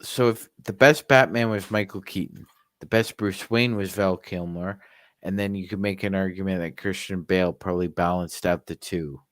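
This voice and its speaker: A man's voice: deep voice, fairly even intonation, normal speed, no echo, studio quality. A man co-hosting a casual chat, talking about films in an enthusiastic, analytical way. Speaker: co-host.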